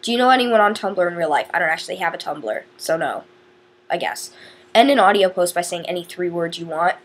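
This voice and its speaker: In a casual question-challenge video, a woman vlogger rambles and giggles, often interrupting herself to restart what she's saying. Her fairly low voice is expressive and brisk, with a breathy edge.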